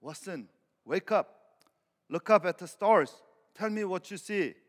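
A man's voice: high-pitched, lively intonation, measured pace. A man voicing a curt detective in a joke told during a sermon, with short, blunt lines. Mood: quiet, blunt. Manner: terse, blunt. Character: sharp, curt male detective. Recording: long hall reverb.

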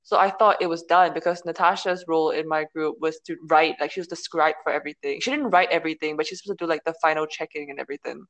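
A woman's voice: low-pitched, fast, few pauses, poor audio. Giggly young woman rambling a story. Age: young adult. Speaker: podcast co-host. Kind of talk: casual chat. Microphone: video call.

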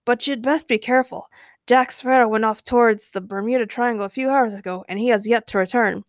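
Woman doing a wry old male pirate captain, dry jokes, ghostly warnings, highish voice, dry recording. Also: a little fast, dry recording, close to an everyday voice. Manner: dry and joking.

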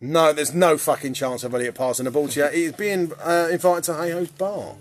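A young man with a slightly high voice runs a casual quiz for his football teammates, talking briskly. The banter is cheeky and sweary, and he laughs often.

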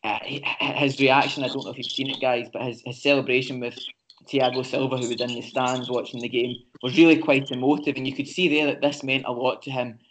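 A man co-hosting a football podcast, talking through match analysis in a measured, casual way with frequent ums and restarts. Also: medium pitch, little pitch movement, a bit bright, slight background noise. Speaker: podcast co-host. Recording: slightly muffled lo-fi audio.

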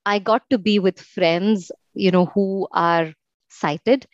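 A young Indian woman, a guest in a casual conversational interview, tells her story reflectively and uses a lot of fillers. Her voice is medium-pitched and steady, and she speaks slowly. The recording is dry and slightly muffled, with no room sound.

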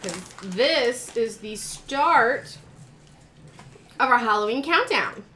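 A woman's voice: a little high, animated, takes it slowly, sharp tone, a little hiss or hum. A woman co-hosting a casual group chat, chatty and laughing often. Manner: chatty, laughs often, lists things eagerly. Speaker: co-host.

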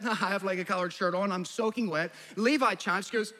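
A high-voiced, bright male pastor tells family stories in a sermon, acting out his kids and wife with sudden jumps in pitch. His voice rings out with a long reverb, as if filling a large church hall. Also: fairly quick, hardly any pauses. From New Jersey. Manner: animated storyteller, acts out family voices.

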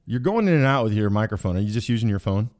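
A man's voice: on the low side, very animated, very fast, a little mellow. A man in his forties from Kansas, hosting a casual podcast and chatting with guests on a remote call in a joking, rambling way full of restarts. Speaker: podcast host.

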